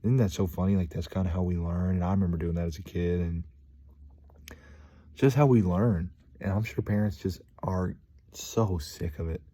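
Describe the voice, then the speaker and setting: Young male vlogger, low mellow voice, loose slangy rambling delivery with lots of fillers. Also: steady tone, moderate pace. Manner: rambling and slangy, many fillers, says "dude". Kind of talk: casual vlog monologue.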